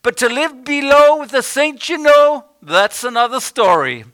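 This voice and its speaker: A man's voice: extremely high pitch, sing-song, a little slow, a bit bright, no echo, pitched above the performer's own voice, exaggerated voice. Man doing a lilting Irish preacher. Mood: playful. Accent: Irish, put on. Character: older male Irish preacher reciting a rhyme.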